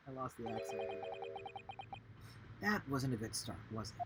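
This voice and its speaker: A male streamer tossing out wry, amused comments while reading a game aloud. His pitch moves in a lively way, and a steady hiss of noise sits behind the recording. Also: slow, pauses often. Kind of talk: let's play commentary.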